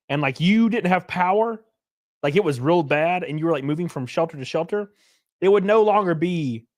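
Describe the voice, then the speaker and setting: A man in his thirties hosts a casual live stream, trading jokes and jabs with his chat. His voice sits a little high for a man, and his delivery is brash and offhand. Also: lively intonation, normal speed. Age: 30s. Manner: brash, joking, talks back to chat. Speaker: livestream host.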